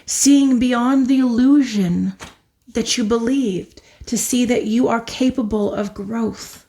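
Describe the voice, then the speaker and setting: A woman from Canada giving an excitable, emotional tarot pick-a-card reading. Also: on the high side, slow. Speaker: tarot reader.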